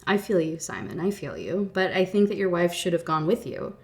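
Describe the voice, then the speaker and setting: A woman reading as a young woman on the run from a dark romance novel, guarded and flip. her lines come out dry and offhand, in an ordinary, slightly low voice. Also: big pitch swings, fairly quick.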